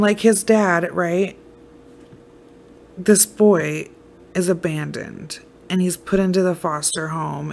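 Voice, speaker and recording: A woman's voice: fairly low pitch, darkish tone, a little hiss or hum. A woman hosting a podcast, retelling a story in a casual, emotional way, full of fillers and swearing. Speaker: podcast host.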